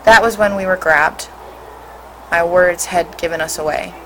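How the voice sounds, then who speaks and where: A woman with a fairly low voice reads a storybook aloud in a steady, expressive way. She sounds like a teacher reading to a class, with a faint hum behind her. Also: a little slow, low-quality recording.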